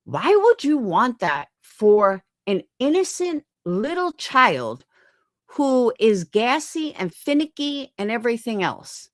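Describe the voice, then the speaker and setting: Angry ranting woman streamer, lively pitch. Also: takes it slowly, dry recording, studio quality. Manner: angry, profane, rhetorical questions. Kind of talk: ranting live-stream commentary.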